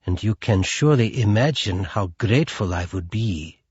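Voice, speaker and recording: A man voicing a cruel German female assassin in an audiobook, slow, purring and menacing. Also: fairly low pitch, animated, darkish tone, slightly rough, dry recording, muffled recording. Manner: slow, menacing, sweetly threatening.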